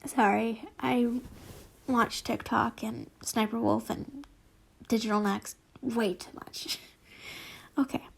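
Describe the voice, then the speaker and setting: A young woman reads fanfiction aloud at an unhurried pace, her high voice carrying a gravelly edge. She rambles off topic, giggling and apologizing between passages. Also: steady tone. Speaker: fanfiction reader. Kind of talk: casual reading with chatty asides.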